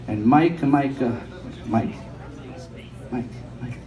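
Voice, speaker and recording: On a comedy club stage, a young male comedian delivers a profane set slowly, pausing often as he tells stories and voices the people in them. The room is boomy and echoey, the mic sits at a distance, and a loud crowd laughs throughout.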